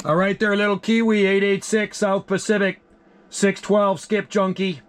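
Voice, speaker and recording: High-voiced guy on the cb radio, repeats his call sign, chill and friendly. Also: little pitch movement, normal speed, smooth. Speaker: CB radio operator. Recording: loud radio static hiss.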